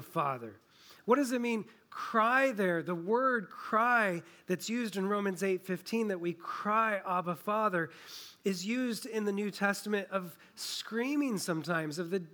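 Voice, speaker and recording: A man preaching a sermon, earnest, often dropping soft and low on key phrases. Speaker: pastor.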